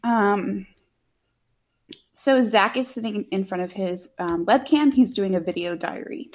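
A woman's voice: mid-range voice, unhurried, a little mellow. A woman co-hosting a casual talk show, recapping a movie in a chatty, sarcastic way with lots of fillers and the odd swear. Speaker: podcast co-host.

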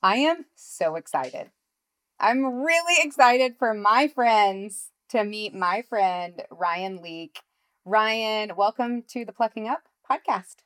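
A woman's voice: mid-range voice, animated, slow pace, fairly bright tone. Bubbly woman hosting a podcast. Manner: bubbly, laughs often. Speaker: podcast host. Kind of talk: casual podcast chat.

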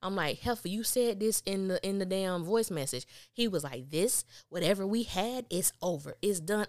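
A woman reviewing a TV episode in casual podcast chat, animated and acting out the characters' lines. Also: medium pitch, moderate pace, hardly any pauses, dry recording, studio quality. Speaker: TV recap podcaster.

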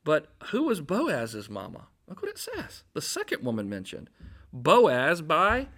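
A man preaching a casual, jokey storytelling sermon in a conversational, animated way. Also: a little high, a little slow. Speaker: pastor.

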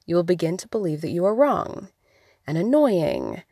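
A woman's voice: fairly low pitch, big pitch swings, normal speed, warm tone, slightly rough, no echo, studio quality. A young adult woman hosting a solo podcast, talking candidly with wry asides. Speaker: podcast host.

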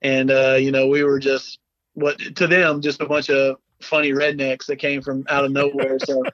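A man from South Carolina with a Southern accent, chatting as a podcast guest in a relaxed, rambling way with many fillers. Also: medium pitch, normal speed, no echo, muffled recording. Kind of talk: casual chat.

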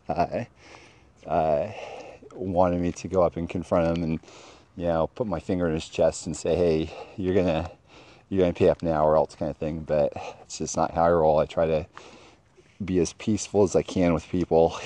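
A man's voice: low voice, dark tone. A man telling a long personal story in a casual, rambling way, full of fillers and restarts. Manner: rambling with many fillers, mimics other voices.

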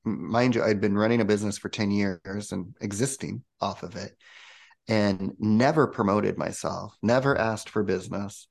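A man with a low, gravelly voice tells his story in a relaxed interview. He is a spiritual coach, animated and chatty, and he acts out the voices of the people he quotes. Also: normal speed. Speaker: guest, spiritual coach and channel.

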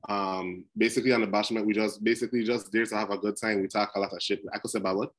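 Deep-voiced Crucian man, laid-back guest. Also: fairly even intonation, racing. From St. Croix. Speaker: podcast guest, teacher. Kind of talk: casual podcast chat.

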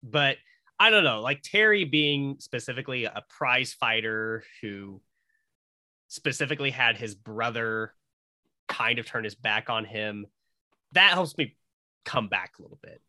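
A man's voice: mid-range voice, animated, measured pace, pushed and bright, dry recording. A man co-hosting a casual movie podcast, talking thoughtfully about films. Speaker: podcast co-host.

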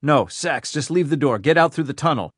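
A man's voice: fairly high pitch, lively intonation, fairly quick, husky, no room sound, studio quality, voice pushed up. A man voicing a commanding, impatient middle-aged male detective who barks demands and swears. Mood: urgent. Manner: barking, demanding, profane.

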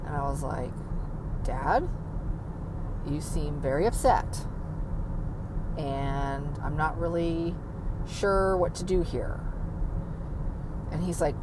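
Slow, soft-spoken woman in a noisy car. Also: sits low. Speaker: vlogger. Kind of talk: personal storytelling vlog.

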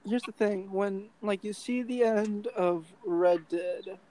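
A man's voice: high-pitched, slow, dark tone, low-quality recording. A man chatting casually on a podcast, rambling with many fillers and restarts. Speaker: podcast co-host. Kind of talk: casual chat.

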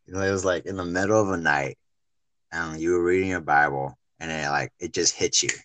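Very deep-voiced, bright male interviewer. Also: steady tone, brisk, no room sound. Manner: laid-back, filler-heavy, calls guest "my man". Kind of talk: casual faith interview.

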